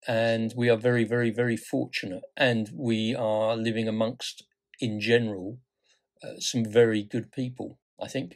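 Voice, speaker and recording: Lively older man chatting. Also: lowish voice, moderate pace. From United Kingdom. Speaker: podcast co-host. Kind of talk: casual conversation.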